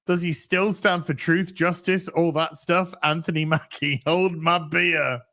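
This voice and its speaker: A man's voice: a little high, steady tone, measured pace, pushed and bright. A man hosting a casual show, reading viewer messages in a dry, offhand way. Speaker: podcast host reading donations. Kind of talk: casual chat.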